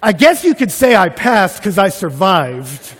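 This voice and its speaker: Pastor, male, higher voice, animated storyteller, long hall reverb. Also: unhurried. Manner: animated storytelling, acts out his own panic. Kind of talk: sermon with personal story.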